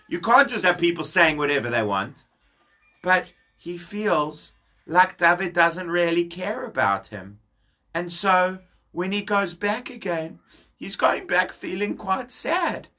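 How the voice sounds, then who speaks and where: A man telling a story to children, animated, talking straight to his young listeners. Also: sits high, a little slow. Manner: animated, addresses kids directly.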